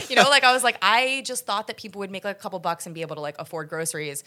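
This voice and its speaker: Animated bright-voiced woman guest. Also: medium pitch, racing, hardly any pauses. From United States. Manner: animated, laughs often, many fillers. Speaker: podcast guest. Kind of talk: casual interview chat.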